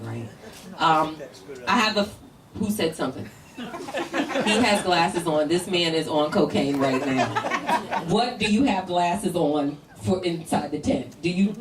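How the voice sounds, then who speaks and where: A woman from Northern Virginia doing stand-up comedy, teasing audience members in a brash, laughing way. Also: fairly low pitch. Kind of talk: stand-up crowd work. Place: comedy show in a tent with a live audience. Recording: roomy live sound from a distant mic, crowd noise.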